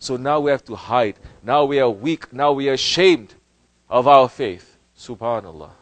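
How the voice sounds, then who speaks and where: A man giving a Sufi sermon as teacher, impassioned, swinging between loud outbursts and hushed lines, full of rhetorical questions and repetition. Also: mid-range voice, lively intonation, normal speed, no echo, poor audio.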